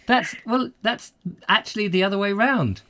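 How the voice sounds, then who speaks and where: A man's voice: sits high, normal speed, pushed and bright. A man hosting a comic chat show, jokey and rambling in his banter. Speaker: host.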